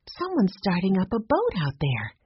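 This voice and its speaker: An eager, insistent girl sleuth, voiced by a woman reading a storybook. She pushes ahead impatiently with a lively, rising voice. The sound is slightly breathy and lo-fi. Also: medium pitch, moderate pace, no room sound, faint music behind, full character voice.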